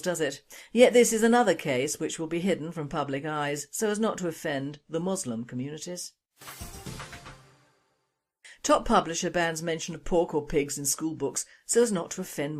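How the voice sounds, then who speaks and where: A woman's voice: low voice, darkish tone. A woman hosting a radio opinion news show, scornful and sardonic. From Britain.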